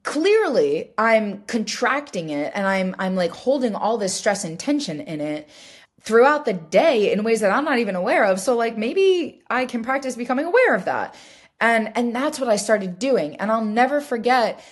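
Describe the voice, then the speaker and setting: A woman's voice: on the high side, big pitch swings, moderate pace. A woman hosting a solo podcast, telling a personal story in a candid, reflective way, full of fillers and restarts. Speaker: podcast host.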